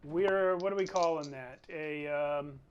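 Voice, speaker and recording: A man running a tabletop game as game master, thinking aloud over the rules in an unhurried way. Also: a little high, dull audio, a loud crowd.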